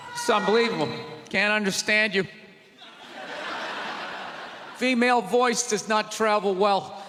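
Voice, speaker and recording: A high-pitched, sharp-edged male comic rants loudly and with exasperation from a theater stage. His voice rings out into a long hall reverb, with an audience faintly audible behind him. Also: a little hiss or hum. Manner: loud, ranting, exasperated delivery. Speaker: stand-up comedian. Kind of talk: stand-up comedy set. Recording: live theater recording with long reverb and crowd.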